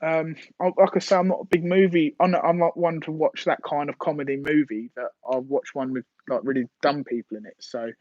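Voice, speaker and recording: A man's voice: fairly high pitch, fairly even intonation, a little fast, few pauses, no echo, highs cut off. Rambling man on a live stream. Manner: rambling, hesitant, with many fillers and restarts. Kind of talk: casual live-stream chat.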